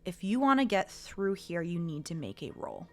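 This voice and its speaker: A woman running a tabletop role-play game, describing scenes in a slow, measured way. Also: fairly low pitch, very animated, faint music behind. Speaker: game master.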